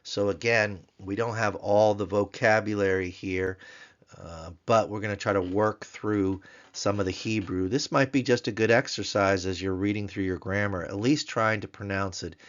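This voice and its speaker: A man teaching a grammar lesson in a recorded tutorial, explaining slowly and repeating words so learners can pronounce them. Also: fairly low pitch, steady tone, a bit bright, highs cut off. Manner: slow, careful, repeats Hebrew words to drill pronunciation.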